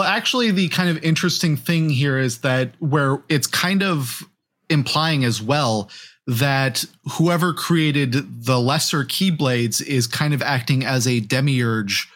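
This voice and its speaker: A man's voice: mid-range voice, a little slow, fairly bright tone. Man, podcast co-host, casual chat, musing, hedging.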